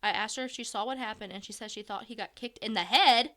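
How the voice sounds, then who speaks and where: A woman's voice: fairly high pitch, quick pace, sharp tone. A woman, co-hosting a casual podcast and reading a listener's story aloud with blunt, profane jokes. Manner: bantering, profane, dry jokes. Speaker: podcast co-host.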